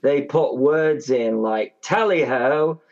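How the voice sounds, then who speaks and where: A man's voice: mid-range voice, takes it slowly, a little mellow, highs cut off. A man with an English accent, a regular on a livestream, chatting in an easygoing, laughing way. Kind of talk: casual livestream chat.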